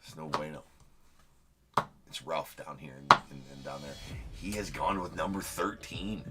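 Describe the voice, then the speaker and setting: A man's voice: rumbling low, unhurried, pauses often, very noisy. A man hosting a live card-breaking stream, joking and teasing a viewer as he gives casual commentary.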